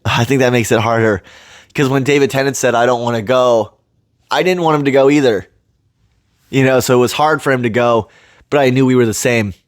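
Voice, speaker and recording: A man's voice: mid-range voice, steady tone, brisk, clear, resonant tone, dry recording, studio quality. A man hosting a reaction video, earnest and emotional, his voice cracking at times as he talks about a TV episode. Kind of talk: emotional fan commentary.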